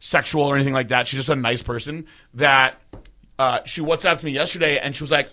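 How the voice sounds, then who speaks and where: Bright-toned young guy hosting a podcast, animated, swears a lot, keeps repeating himself. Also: medium pitch, brisk. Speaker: podcast host. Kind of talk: casual podcast chat.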